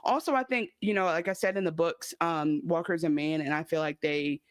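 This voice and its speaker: A woman's voice: deep voice, a little fast, clear, resonant tone, no echo. Female podcast co-host, casual, jokey storyteller, dry mic. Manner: animated storyteller, loose and joking. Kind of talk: casual chat.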